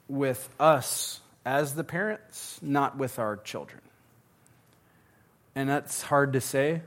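A man in his thirties giving a casual, earnest parenting seminar to a live audience, joking now and then. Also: medium pitch. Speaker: pastor teaching a parenting seminar.

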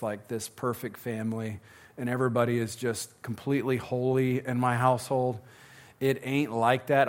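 A man in his thirties giving a casual, earnest parenting seminar to a live audience, joking now and then. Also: medium pitch. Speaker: pastor teaching a parenting seminar.

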